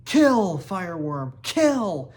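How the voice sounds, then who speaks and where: A man voicing a sneering, bullying Viking boy who yells at others. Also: sits high, very animated, very slow, voice pushed up, full character voice. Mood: yelling. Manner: yelling, sneering.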